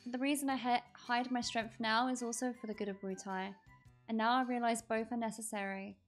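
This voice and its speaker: A woman's voice: on the high side, fairly even intonation, soft background music, natural voice. A woman reading as a stern old ninja lord. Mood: solemn. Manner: solemn, measured reading of game dialogue. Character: stern aging male ninja lord, father.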